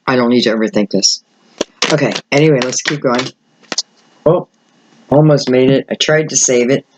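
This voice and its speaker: An older man, slightly hoarse, giving a rambling solo tarot reading and thinking aloud with many fillers. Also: medium pitch, moderate pace, noisy background. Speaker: tarot reader.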